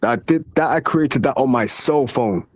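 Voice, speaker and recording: A man's voice: mid-range voice, normal speed. A man chatting casually and playfully about imitating voices. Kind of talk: casual chat.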